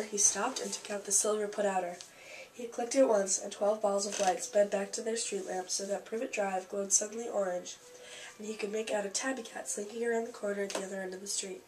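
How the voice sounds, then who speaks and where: A woman reads a children's novel aloud in a casual, homespun way, stumbling on a word now and then. Her voice sits mid-pitched. The mic is a little far off with a faint hiss. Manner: casual, with small slips and asides. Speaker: audiobook reader.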